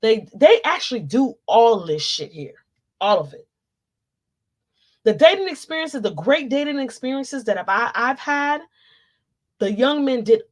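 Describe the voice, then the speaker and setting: A woman's voice: on the high side, very animated, measured pace, long pauses. A woman in casual commentary, ranting and cursing in an exasperated way, with speech. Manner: profane, loud, exasperated ranting. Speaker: commentary vlogger.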